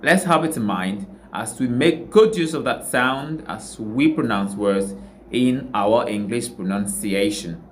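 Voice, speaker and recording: A man's voice: mid-range voice, measured pace, a little hiss or hum. A man teaching a pronunciation lesson, saying each word with care and repeating every example twice. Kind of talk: slow, deliberate pronunciation lesson.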